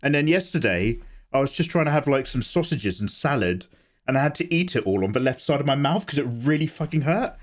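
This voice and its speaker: A young man with a croaky voice, chatting loudly and swearing a lot while he streams himself drawing at home. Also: medium pitch, lively intonation, a little fast. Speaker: livestreaming artist. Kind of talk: casual chat while drawing.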